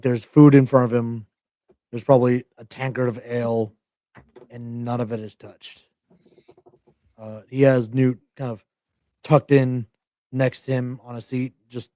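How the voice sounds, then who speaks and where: A man describing his character at a tabletop game, quiet and thoughtful. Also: medium pitch, dry recording. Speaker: player.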